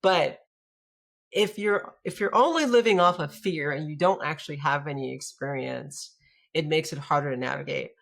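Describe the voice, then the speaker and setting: Woman rabbi in a chat interview, thoughtful, lots of restarts, gets animated telling stories. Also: low-pitched, normal speed, vocal fry. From United States. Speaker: guest, rabbi. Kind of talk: conversational interview.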